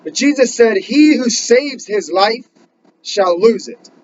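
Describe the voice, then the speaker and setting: High-voiced man preaching urgently. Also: lively intonation, dull audio, a little hiss or hum. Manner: earnest, urgent, rising to emphatic questions; reads scripture slowly in King James wording. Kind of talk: sermon.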